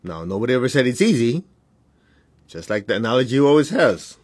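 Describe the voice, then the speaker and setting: Blunt male spiritual teacher, husky voice, dry close sound, talks straight to his followers. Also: mid-range voice, sing-song, fairly quick, no echo. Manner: blunt, direct, laughs between points.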